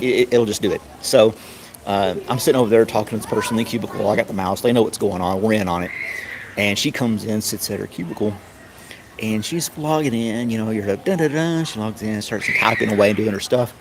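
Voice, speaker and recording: A middle-aged man casually telling a rambling story, often chuckling and mimicking others in a high voice. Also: fairly quick. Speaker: streamer. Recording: noisy background.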